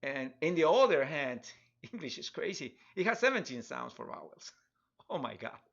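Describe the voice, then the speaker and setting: Middle-aged man, Spanish accent, rambling live-stream artist; slightly high, bright tone, muffled lo-fi audio. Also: big pitch swings, moderate pace, gravelly. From Spanish-speaking country. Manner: rambling, chuckling, many restarts and fillers. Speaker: digital artist streaming a drawing tutorial. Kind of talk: casual live-stream chat while drawing.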